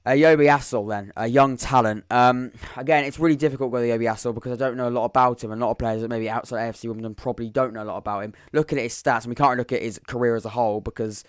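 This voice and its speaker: Racing along with hardly any pauses, a young man with a smooth, mid-range voice and fairly even intonation chats about football on a live-stream podcast. He rambles and thinks aloud while reading comments, in studio quality with no echo.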